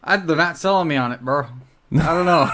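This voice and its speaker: A man's voice: a little high, a bit bright. A man co-hosting a podcast in casual, profane banter, skeptical and wisecracking. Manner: skeptical, wisecracking, laughs often. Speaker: podcast co-host.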